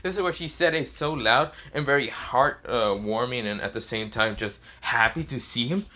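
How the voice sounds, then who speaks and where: A man's voice: medium pitch, normal speed, sharp tone. A young man improvising a fan story as narrator, rambling with many fillers and restarts.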